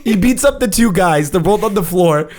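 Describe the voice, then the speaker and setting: A man telling a long story in casual podcast chat, acting out quotes with shouts and laughter and swearing freely. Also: high voice, lively intonation, normal speed, slight background noise. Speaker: podcast co-host.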